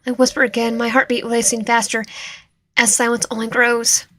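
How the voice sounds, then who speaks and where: A woman streaming a visual novel, reading its narration and dialogue aloud with lively reactions, now and then dropping to a whisper. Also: a little high, normal speed. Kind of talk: reading game text aloud while playing.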